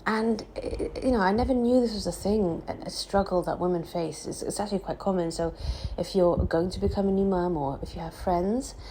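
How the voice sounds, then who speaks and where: A young woman, a new mother, talking candidly in a casual vlog, her voice croaky and hoarse from exhaustion and lack of sleep, rambling with fillers and restarts. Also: fairly low pitch, fairly quick, few pauses, mellow, slight background noise, rough recording.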